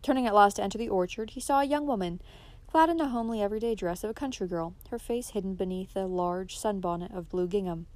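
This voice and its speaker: A woman's voice: medium pitch, quick pace, hardly any pauses, a little mellow, no room sound. Woman narrating a classic novel. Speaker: audiobook narrator. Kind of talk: scripted narration.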